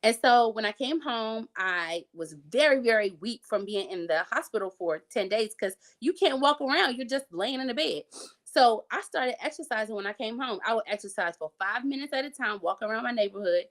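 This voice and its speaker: A woman's voice: on the high side, expressive, a little fast, fairly bright tone. Casting: young woman, conversational guest storyteller, loose and chatty, lots of ums and restarts. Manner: chatty, frequent fillers and restarts, occasional laughs. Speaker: guest sharing her health story. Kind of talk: casual interview storytelling.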